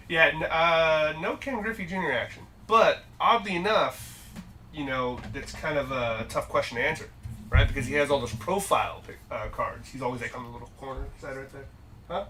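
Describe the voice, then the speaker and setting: A man's voice: fairly high pitch, moderate pace, pushed and bright, recorded from a distance, a little hiss or hum. A man hosting a live-stream card break, upbeat and jokey as he rattles off the cards pulled.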